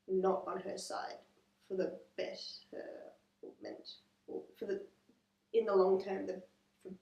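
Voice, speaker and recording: Aussie actress rambling casual, bit far off the mic, roomy. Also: female voice, medium pitch, darkish tone. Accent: Australian. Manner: chatty, joking, lots of fillers. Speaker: actor. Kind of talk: casual interview. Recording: roomy, distant camera mic.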